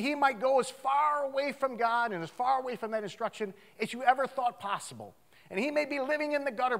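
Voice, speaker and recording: A man preaching a sermon in a church, animated, swinging from loud outcries to hushed asides. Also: sits high. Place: church sanctuary.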